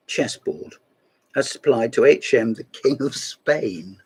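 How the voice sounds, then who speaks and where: A man with a gravelly, slightly husky voice talks through his collection in a loose, rambling show-and-tell. He keeps dropping wry asides as he goes, at an ordinary mid pitch. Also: expressive, a little slow, poor audio. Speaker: host of a chess book video series. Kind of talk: casual show-and-tell talk.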